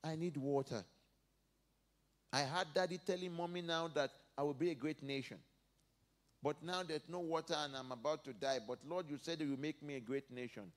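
A male pastor preaching a sermon, dropping to soft asides and rising to loud emphatic peaks as he reads and acts out scripture. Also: fairly high pitch, moderate pace. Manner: preaches verse by verse, acting out biblical speakers.

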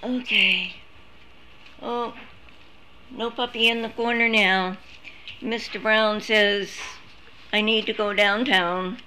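A woman talks on her phone to a live audience, drawing out her words slowly. Her bright, sharp voice sits slightly high as she coos baby talk at a litter of puppies. A faint hiss of noise runs underneath. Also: fairly even intonation. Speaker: service dog puppy caretaker streaming a litter. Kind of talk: casual live stream chat.

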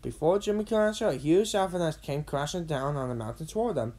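A woman narrating a children's storybook read-along with expressive, dramatic delivery. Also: low voice, quick pace.

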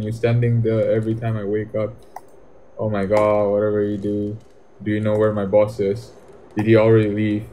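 A man's voice: on the low side, mellow. A young man, commenting jokingly on a horror game as he plays and talking back to its characters. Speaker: gaming YouTuber.

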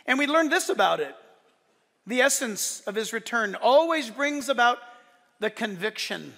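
A man preaching a sermon to his church, animated and swinging from loud declarations to soft, joking asides. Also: very high voice, moderate pace, creaky, in a large hall. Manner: playful, joking asides to the congregation. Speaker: pastor. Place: church service.

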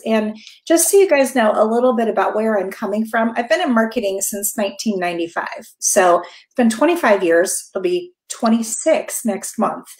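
A woman's voice: mid-range voice, darkish tone. A middle-aged woman, a marketing coach and guest, presenting on a business webinar in an upbeat, direct way that often checks in with her listeners. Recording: roomy echo.

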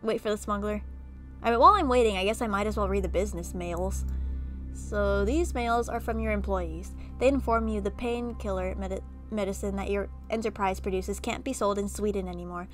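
A woman reading an interactive horror story game aloud and breaking off for animated, chatty reactions. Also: medium pitch, brisk, soft background music. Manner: animated, chatty asides between narration. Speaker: gaming video creator.

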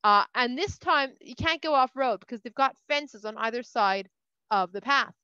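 Woman, chatty storyteller, bright voice, dry, dull lo-fi sound. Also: a little high, expressive, moderate pace, smooth, no room sound. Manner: chatty, uses "like" a lot. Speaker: storyteller for kids. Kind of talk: casual retelling of a scripture story.

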